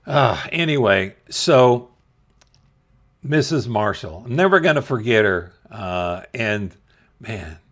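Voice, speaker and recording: A middle-aged channel host tells his viewers a funny story from school, speaking slowly and laughing at himself as he goes. His voice is on the low side, animated and a bit bright.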